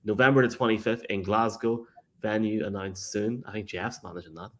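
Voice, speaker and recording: A man's voice: lowish voice, steady tone, fairly quick. An Irish man co-hosting a live show, joking around and reading out listener messages. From Ireland. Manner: jokey, laughs easily. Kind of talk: casual live show chat.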